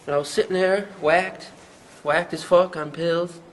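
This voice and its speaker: An actor with a Newfoundland accent playing a young small-town rapper who rambles through a hazy, profane story in an interview. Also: male voice, high voice, fairly even intonation, measured pace, slight background noise, poor audio. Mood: rambling. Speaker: mockumentary interviewee.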